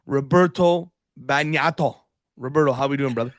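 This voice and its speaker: A man's voice: medium pitch, moderate pace, no room sound. A man hosting a casual sports podcast, with dry, teasing banter. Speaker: podcast host.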